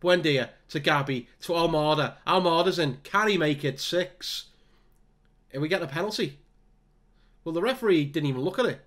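Excitable man commentating a football sim. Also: a little high, normal speed. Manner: excitable, exasperated running commentary. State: voice starting to go. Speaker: gaming YouTuber. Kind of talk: football management game commentary.

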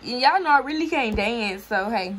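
A woman's voice: fairly high pitch, animated, normal speed. A young woman reacting to her old videos in a chatty, giggly way, talking straight to her viewers. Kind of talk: casual reaction chat. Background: music.

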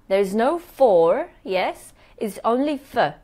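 In a live online workshop, a woman whose sing-song voice sits on the high side teaches English pronunciation. She says words slowly as models and asks "yes?" after almost every point.

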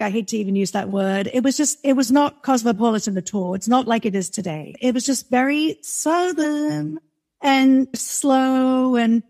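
Chatty woman with a softened English accent. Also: fairly high pitch. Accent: softened English, London. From London, England. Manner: chatty and animated, laughs often. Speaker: guest, music marketer. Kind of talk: casual interview chat.

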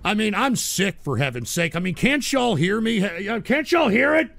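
A man hosting a live stream show, exasperated and profane, ranting and breaking into shouting outbursts. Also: sits high, very animated, normal speed, creaky, no echo. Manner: profane and comedic. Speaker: livestream show host.

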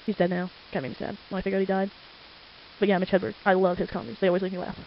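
A teenager talks quickly and rambles, drifting from one thing to the next. The nose sounds stuffy and congested. The home microphone recording is dull and lo-fi, with a faint hiss underneath. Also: mid-range voice, level tone, vocal fry. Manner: chatty, rambling, easily sidetracked. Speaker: amateur artist. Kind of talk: casual rambling narration while drawing. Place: home at night. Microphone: desktop microphone.

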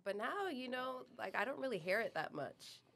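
A woman's voice: on the high side, big pitch swings, normal speed, vocal fry, fairly bright tone, a little hiss or hum. Chatty New York woman telling her story. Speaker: guest. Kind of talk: casual storytelling.

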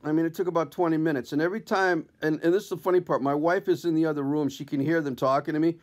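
Brief: male comedian, self-deprecating storyteller, slightly high voice, casual. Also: steady tone, fast talker, few pauses. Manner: wry, conversational, self-deprecating. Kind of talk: comic personal storytelling to camera.

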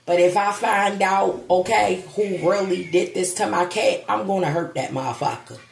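A woman's voice: mid-range voice, normal speed, gravelly, slight background noise. A woman vlogging at home, grieving and holding back tears, talking bluntly and swearing now and then. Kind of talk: casual vlog monologue. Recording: echoey room.

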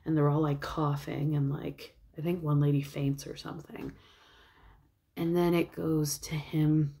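Low, mellow woman rambling casually. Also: little pitch movement, unhurried. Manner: rambling recap full of fillers and likes. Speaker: vlogger. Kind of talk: casual chat.

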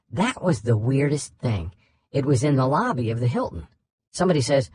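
Man narrating a true-crime audiobook, lively pitch. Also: fairly quick, slight background noise. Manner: reads first-person interview recollections conversationally.

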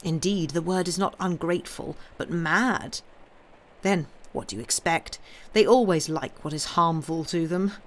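A woman reading aloud, voicing a cool, scheming nobleman who speaks smoothly and ironically. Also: fairly low pitch, unhurried, lightly acted. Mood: ironic.

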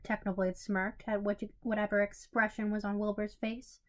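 A woman narrating a fanfiction story in an even way, with small slips and restarts. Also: mid-range voice, moderate pace, few pauses. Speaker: story reader.

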